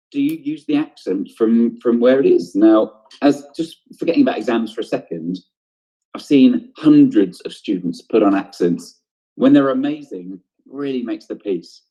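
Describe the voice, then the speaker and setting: A man teaching drama, walking his students through each idea with questions he answers himself. His voice is low and mellow with a husky edge. The recording sounds dull and lo-fi. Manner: explanatory, asks questions then answers them, frequent ums. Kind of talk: online drama lesson.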